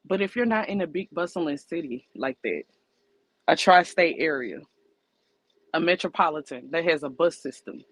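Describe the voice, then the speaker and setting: A woman's voice: deep voice, expressive, moderate pace, dry recording, low-quality recording. A woman co-hosting a casual podcast, giving blunt, emphatic opinions laid out as numbered points. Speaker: podcast co-host.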